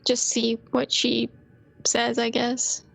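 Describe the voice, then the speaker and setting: A woman player in a tabletop role-play, speaking softly and hesitantly with frequent ums and restarts. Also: fairly high pitch, monotone, slow pace, gravelly.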